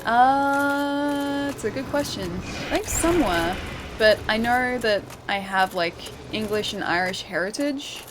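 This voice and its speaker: A woman's voice: on the high side, lively intonation, slow. An Australian woman streaming a game and chatting casually with viewers, laughing often and using lots of fillers. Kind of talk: casual gameplay stream chat. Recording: game music behind the voice.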